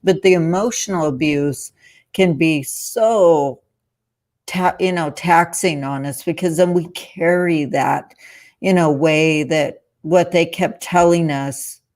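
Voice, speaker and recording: A woman's voice: deep voice, slow, darkish tone. Woman speaking reflectively on a podcast. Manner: reflective and supportive, with frequent fillers. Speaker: podcast guest. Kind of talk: casual podcast conversation.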